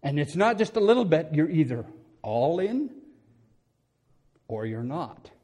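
A man's voice: a little high, very animated, a little slow, breathy edge. Man preaching a storytelling sermon. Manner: storytelling with laughs and acted-out quotes, swinging from loud to quiet.

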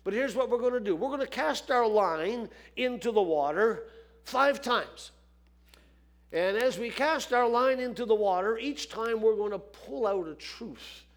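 A man's voice: sits high, expressive, measured pace. A man preaching a sermon, folksy and repeating phrases for emphasis.

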